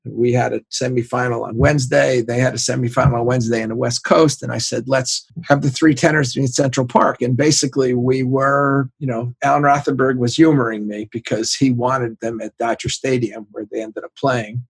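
A man in his sixties with a gravelly, husky voice spins lively stories for an interviewer. He slips into the voices of the people he quotes, and his recording is close and dry with no room sound. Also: mid-range voice, a little fast, hardly any pauses, no echo. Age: 60s. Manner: animated anecdotes, acts out quoted voices, laughs often. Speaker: sports executive guest. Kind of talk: casual storytelling interview.

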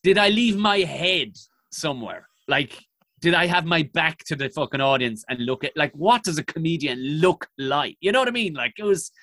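A man's voice: a little high, lively intonation, normal speed, pushed and bright, no room sound. A young man, telling comic stories in a profane, self-mocking way on a podcast. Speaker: comedian guest. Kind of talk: storytelling podcast chat.

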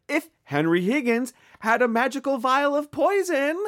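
A man's voice: very high-pitched, normal speed. Midwestern American male co-host, casual and rambly, with a bouncy, wide-ranging delivery. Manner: rambling and animated. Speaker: podcast co-host. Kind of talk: casual chat.

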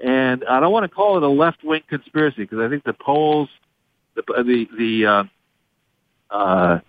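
A man's voice: medium pitch, moderate pace. A man giving his view as a guest in a political interview, with formal, legalistic phrasing. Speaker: guest commentator. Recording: phone-like dry line.

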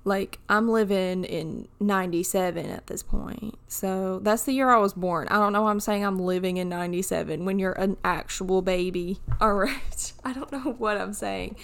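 A woman's voice: mid-range voice, moderate pace, creaky, hardly any pauses, clear, resonant tone. A woman in her twenties from the United States hosts her own podcast alone, chatting casually through jokey, wandering tangents in a groggy voice. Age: 20s. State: groggy morning voice. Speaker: podcast host. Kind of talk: casual solo podcast chat.

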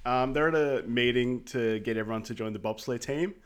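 A man's voice: medium pitch, a little fast, clear, resonant tone. A man co-hosting a podcast, summing up a film's plot in an easygoing way, with many ums and light laughs. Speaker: podcast co-host. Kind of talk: casual movie recap chat.

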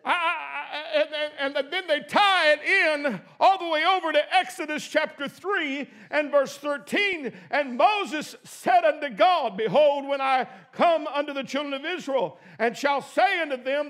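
High-voiced man preaching a sermon. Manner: emphatic preaching, swings between shouting and quiet asides. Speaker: pastor.

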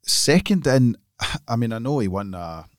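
A man in casual podcast chat about golf, excitable and full of restarts. His voice sits at an ordinary middle pitch. The room sound is very dry and close. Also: normal speed, no room sound. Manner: excitable, talks in restarts and repeats. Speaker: podcast co-host.

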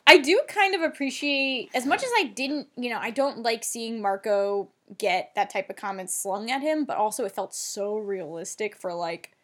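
A woman co-hosting a casual podcast chat, recapping a TV episode in an animated, chatty way with casual swearing. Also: a little high, moderate pace, few pauses. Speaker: podcast co-host.

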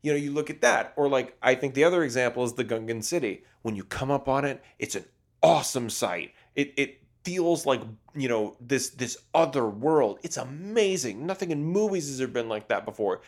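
A young man co-hosting a casual podcast chat. He talks in an animated way, laughs a lot and slips into silly voices when quoting people, at an ordinary middle pitch. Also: moderate pace. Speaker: podcast co-host.

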